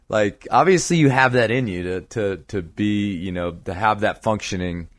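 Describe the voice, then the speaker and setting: An easygoing man hosts a podcast, his voice fairly low and his questions relaxed and conversational. The sound is close and dry, with no room echo. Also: moderate pace, hardly any pauses. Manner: easygoing, laughs along. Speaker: podcast host. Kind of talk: casual interview chat. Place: indoors across a table.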